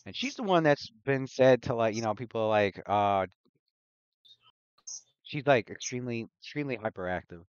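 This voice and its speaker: A man narrating as game master of a tabletop game on a livestream, talking in a halting way with frequent restarts. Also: mid-range voice, lively intonation, clean tone, no echo, lo-fi sound. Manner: halting, full of fillers and restarts.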